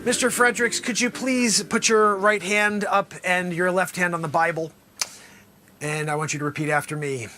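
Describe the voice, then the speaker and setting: A man hosting an improvised comedy sketch as a courtroom lawyer, theatrical and bursting into loud exclamations. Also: sits high, fairly even intonation, fairly quick, a little hiss or hum. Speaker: host playing a courtroom lawyer.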